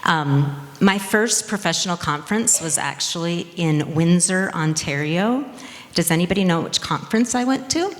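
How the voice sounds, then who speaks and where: A woman's voice: on the low side, lively intonation, moderate pace. A woman in her fifties from Minnesota, a longtime educator, speaking to a conference audience in a hesitant, self-deprecating way. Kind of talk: audience remarks. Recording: long reverb of a large hall.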